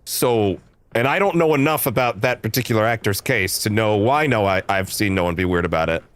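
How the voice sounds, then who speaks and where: A man's voice: on the low side, brisk. A man streaming a game, giving rambling, self-interrupting casual commentary and swearing freely. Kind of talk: casual let's-play commentary.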